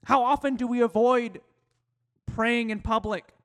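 A male pastor delivers a sermon in a high voice. He slows his pace and leans hard on key phrases, and his voice drops low at the ends of lines. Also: steady tone, fairly bright tone, clean tone. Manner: preaching with slowed, emphatic phrases and dropping to a low voice for quotes.

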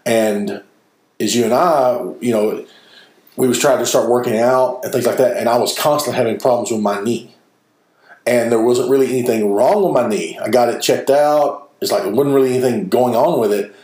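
A man in his forties co-hosting a podcast, chatting casually and rambling with fillers. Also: mid-range voice. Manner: relaxed, rambling, with fillers and self-corrections. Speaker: podcast co-host. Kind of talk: casual conversational podcast chat. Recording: roomy echo.

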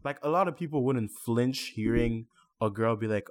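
A young man with a mid-range voice co-hosts a casual podcast at a moderate pace. He vents at length, earnestly, and now and then slips into French.

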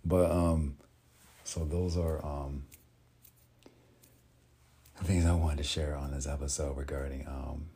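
A man hosting a casual solo podcast, speaking haltingly with many pauses and restarts. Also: very deep voice, little pitch movement, mellow, breathy edge. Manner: halting, full of ums and restarts. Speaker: podcast host.

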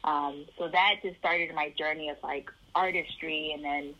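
A woman's voice: sits low, fairly even intonation, measured pace, dull audio. A woman from the Chicago area telling her life story in an interview, acting out the voices of the people in it.

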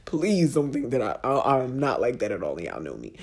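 A woman's voice: a bass voice, huge pitch swings, normal speed, creaky, darkish tone, slightly rough. A woman in her thirties hosting a podcast, telling a personal story in a frank, profane way and laughing easily. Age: 30s. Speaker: podcast host.

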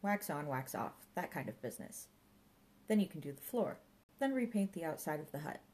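A woman's voice: low voice, very animated, normal speed, darkish tone, rough recording. A woman reading an audiobook and voicing a grandiloquent, pompous middle-aged male park ranger who fancies himself a martial arts mentor. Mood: bossy. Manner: grandiloquent, theatrical. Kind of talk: audiobook character voice.

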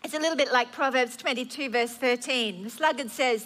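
A woman in her fifties preaching a sermon, earnest and animated, acting out prayers and worries aloud. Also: sits high, fairly quick, few pauses.

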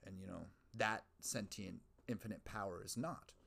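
A man's voice: on the low side, normal speed, gravelly, pushed and bright. A man hosting his own podcast, rambling casually and profanely, musing aloud and mocking himself. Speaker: podcast host.

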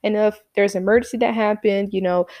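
A woman acting out a calm, reassuring male martial arts instructor in a patient, soothing way. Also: mid-range voice, fast talker, no echo, dull audio, lightly acted.

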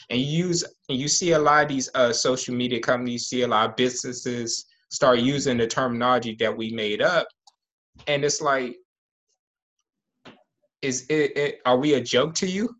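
A man with an ordinary mid-range voice speaks earnestly in a relaxed conversation. He pauses now and then with fillers as he works through personal stories. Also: medium pitch. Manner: earnest, tells personal stories, some hesitation. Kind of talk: casual chat.

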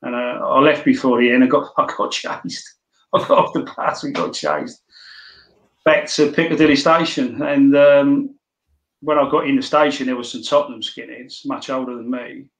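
A man's voice: medium pitch, moderate pace. Older London-accented man as interview guest, chatty storyteller, echoey room. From London, England. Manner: rambling, anecdotal, many restarts. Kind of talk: casual storytelling.

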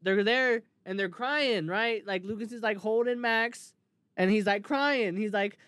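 A man's voice: sits high, unhurried, clear, resonant tone, no room sound. A young man in casual chat, retelling scenes with lots of swearing and laughter. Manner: animated retelling, swears freely, laughs often.

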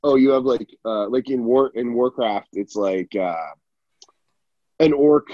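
A man's voice: mid-range voice, unhurried, mellow, no echo, highs cut off. A man in casual podcast chat who rambles with many fillers, swears freely and laughs often.

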